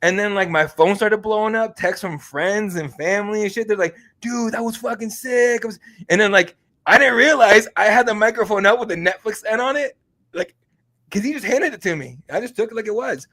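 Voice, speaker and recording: A man hosting an MMA podcast, telling a story in a casual, excitable and profane way. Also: sits high, brisk. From Mexican heritage. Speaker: MMA podcast host and reporter.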